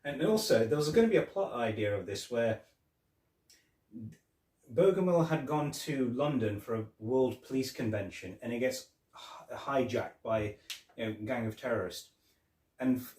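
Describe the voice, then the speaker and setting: A man's voice: mid-range voice, darkish tone, recorded from a distance. A man co-hosting a casual film review podcast, eagerly sharing trivia. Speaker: podcast co-host. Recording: roomy, off-mic.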